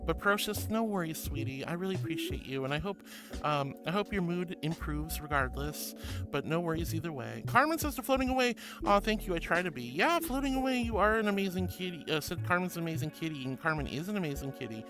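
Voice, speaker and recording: A man's voice: a little high, expressive, fast. A man streaming as a VTuber, chatting casually and affectionately while reading viewer messages aloud. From Florida. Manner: gushing and affectionate, calls viewers sweetie. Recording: music playing behind the voice.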